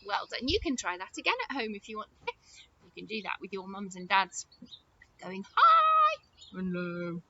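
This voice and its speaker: A woman's voice: medium pitch, expressive, fast, sharp tone, highs cut off, slight background noise. A woman leading a lesson for young children, playing with her voice in a sing-song, exaggerated way. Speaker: nursery teacher.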